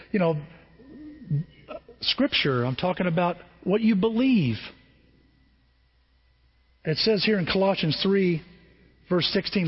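A pastor preaching a sermon, telling everyday stories in a lively way and often restarting his phrases. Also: sits high, husky, highs cut off. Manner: storytelling, animated, repeats and restarts phrases.

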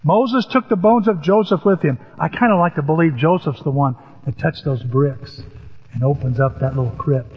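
Older pastor preaching in an echoey hall. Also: male voice, fairly high pitch, moderate pace, slightly rough. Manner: animated, storytelling with sudden rises. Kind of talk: sermon. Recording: echoey hall, dull lo-fi sound.

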